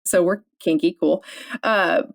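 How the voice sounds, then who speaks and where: A woman's voice: fairly low pitch, fairly even intonation, unhurried, vocal fry. A woman co-hosting a book club podcast, chatting casually and playfully, often laughing. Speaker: podcast co-host.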